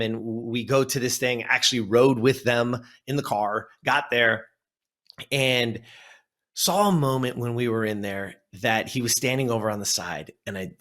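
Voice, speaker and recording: Animated man in his fifties telling a story. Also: mid-range voice. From Southern California. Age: 50s. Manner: animated storyteller who acts out his memories. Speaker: guest, life coach. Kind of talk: storytelling in a conversational interview.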